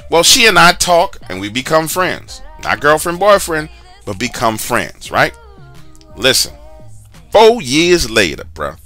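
Man, casual storytelling, lively up-and-down pitch, bright voice, faint music behind. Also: a little slow. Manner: animated, chatty, slangy asides to the listener. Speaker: storyteller sharing a true story.

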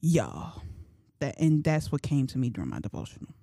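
A woman's voice: a bass voice, very animated, moderate pace, mellow, dry recording, studio quality. A young woman in her twenties hosting a podcast, talking about faith in a chatty, slangy way and thinking aloud. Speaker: podcast host. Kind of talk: casual faith talk.

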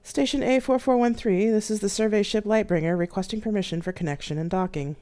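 A woman's voice: medium pitch, quick pace, dark tone, clean tone, voice pushed up, close to an everyday voice. A terse female starship captain speaks in formal radio protocol over the comms, clipped and businesslike, as a woman reads her lines. She says no more than she needs to.

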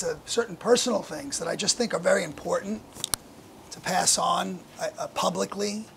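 High, gravelly-voiced pastor. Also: male voice, a little hiss or hum. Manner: conversational, thinking aloud. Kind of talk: sermon.

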